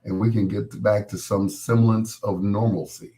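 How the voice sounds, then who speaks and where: A middle-aged man with a low, warm voice and little pitch movement hosts a live stream at normal speed. Still recovering his voice after being sick, he rambles, jokes, and talks directly to his viewers in casual chat.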